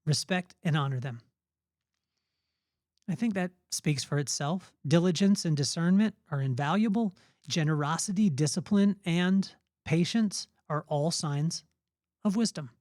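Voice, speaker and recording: Earnest man with a bright, dry voice. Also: a little high, unhurried, dry recording. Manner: earnest, emphatic, conversational. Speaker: podcast host. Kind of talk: motivational faith talk.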